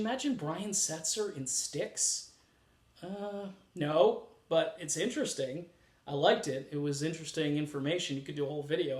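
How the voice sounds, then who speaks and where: A man hosting a music commentary channel, talking casually and with opinions, and adding sarcastic asides. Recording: echoey room with faint rumble.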